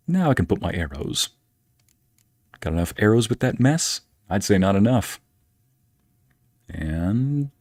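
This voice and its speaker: A man's voice: lowish voice, darkish tone, no room sound, clean studio sound. A man streaming a video game, chatting easily as casual game commentary. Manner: chatty and easygoing.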